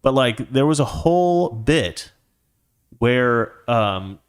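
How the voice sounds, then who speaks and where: A man's voice: medium pitch, animated, slow, clear, resonant tone. A man hosting his own commentary show, ranting in a heated, indignant way. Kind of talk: political commentary monologue.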